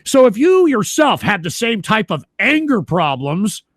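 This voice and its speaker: A man hosting a live stream, talking bluntly with lots of swearing and repetition, rising into shouts when worked up. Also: high-pitched, big pitch swings, unhurried, no echo, clean studio sound. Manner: blunt, swearing, repeats himself. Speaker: livestream host. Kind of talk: profane live stream talk.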